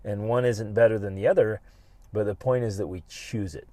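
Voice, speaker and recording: A middle-aged man hosting a podcast, giving an animated, emphatic motivational talk and acting out his own inner voice. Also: mid-range voice, normal speed, no room sound. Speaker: podcast host.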